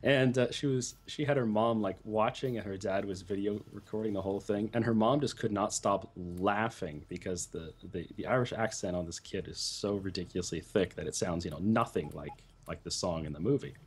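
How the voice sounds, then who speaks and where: A man hosting a multiplayer game session, chatting casually and telling stories in a rambling, animated way. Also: fairly low pitch, fairly quick, few pauses, husky. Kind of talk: casual gaming chat.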